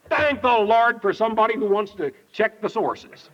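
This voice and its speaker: An older man preaching a sermon, telling stories in a folksy, animated way. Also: high voice, brisk, few pauses. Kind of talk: storytelling sermon. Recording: dull lo-fi archive tape.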